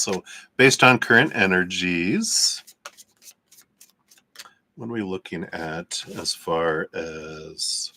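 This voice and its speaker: A man's voice: sits low, pushed and bright, a little hiss or hum. Tense-toned man chatting through a live tarot reading. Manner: chatty, laughs often between remarks. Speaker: tarot reader hosting a live stream.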